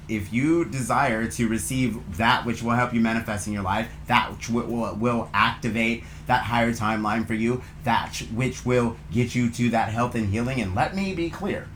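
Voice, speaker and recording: A man of middle pitch hosts a spiritual card reading and talks his audience through affirmations. He speaks softly and warmly, with plenty of fillers and loose, wandering sentences. A faint hiss sits behind his voice. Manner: gentle, affectionate, meandering with fillers. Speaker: channel host, tarot reader.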